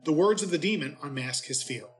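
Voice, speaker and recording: A man reading the day's scripture and giving a short homily in a measured, reverent cadence, like a clergyman. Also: a little high, animated, soft background music, poor audio.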